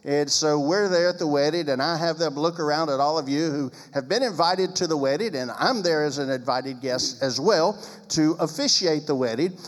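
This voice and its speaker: Male pastor with a slightly high voice and an emphatic, sarcastic delivery, recorded with long reverb. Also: normal speed. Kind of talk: preaching-style talk on marriage.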